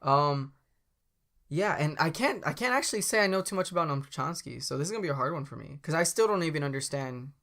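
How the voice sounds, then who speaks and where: A man's voice: a little high, lively intonation, quick pace, pushed and bright. A man co-hosting a podcast in casual chat, rambling with lots of fillers and restarts. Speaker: podcast co-host.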